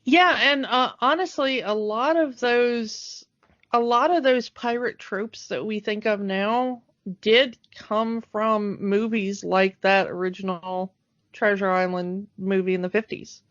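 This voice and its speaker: A woman's voice: mid-range voice, steady tone, slow pace, fairly bright tone, no echo. A woman co-hosting a nostalgic podcast in casual chat, hesitant and full of fillers. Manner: hesitant, lots of fillers, laughs easily. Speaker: podcast co-host. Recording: dry, dull lo-fi podcast mic.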